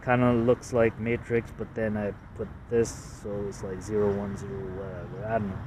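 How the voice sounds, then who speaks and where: A man's voice: fairly low pitch, level tone, normal speed, distant mic, background noise. A man from Canada casually walking through his drawings, hesitant and self-deprecating, with lots of fillers. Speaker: artist showing his drawings. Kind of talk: casual rambling walkthrough.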